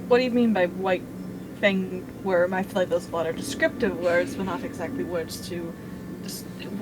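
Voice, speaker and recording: A woman playing in a tabletop game, speaking in a hesitant, halting way. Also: fairly low pitch, steady tone, over music, rough recording. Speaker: player. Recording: loud background noise.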